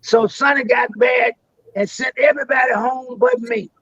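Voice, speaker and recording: A man's voice: very high-pitched, moderate pace, pushed and bright, lo-fi sound. An older man telling long stories as a guest on a live interview, rambling and restarting his words.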